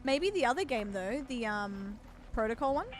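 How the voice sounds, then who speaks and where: A relaxed woman in her thirties chats easily with a friend while she plays on stream. Her voice sits a little high, and her talk stays loose and playful, with a faint hiss underneath. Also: normal speed. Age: 30s. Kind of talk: casual chat while gaming.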